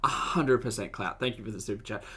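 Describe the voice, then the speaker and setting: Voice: mid-range voice, fast, fairly bright tone, husky. A host of a live reaction stream, giving sarcastic, exasperated commentary and laughing often.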